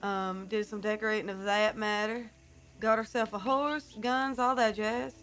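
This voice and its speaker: A woman's voice: medium pitch, fairly even intonation, a little slow, a bit bright, faint music behind. A woman streamer chatting casually to her viewers, keeping up a put-on character accent, with lots of fillers.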